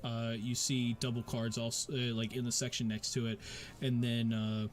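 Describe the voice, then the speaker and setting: A man's voice: medium pitch, flat delivery, normal speed, slight background noise. A man narrating as game master of a tabletop game, rambling with many fillers and restarts.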